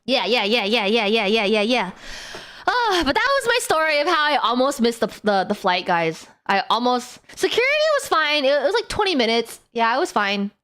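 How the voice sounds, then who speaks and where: Giggly high-voiced woman streamer. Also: moderate pace. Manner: giggly, animated, laughs often. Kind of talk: casual live-stream chat.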